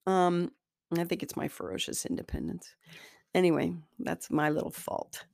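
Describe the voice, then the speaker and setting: A woman's voice: lowish voice, lively intonation, normal speed, vocal fry, a little mellow, dry recording, studio quality. A woman hosting a self-help talk as an energy healer, speaking in a candid, conversational and self-deprecating way. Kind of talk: spoken self-help monologue.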